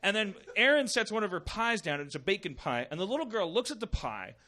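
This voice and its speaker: Animated high-voiced man ranting comedically. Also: fast. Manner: profane, exasperated, bursts into high mocking voices. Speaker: podcast host. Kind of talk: comedic rant.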